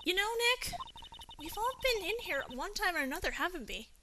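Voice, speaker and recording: A woman voicing a bubbly, excitable teenage girl who trains as a spirit medium, reading game dialogue aloud. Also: very high-pitched, fairly quick, background noise, pitched above the performer's own voice. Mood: eager. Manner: excitable and chirpy. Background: game music.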